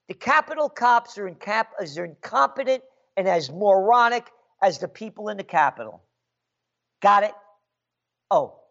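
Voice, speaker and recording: A man's voice: high-pitched, creaky, muffled recording. A man delivering an angry, sarcastic political rant as a commentator. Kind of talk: ranting monologue.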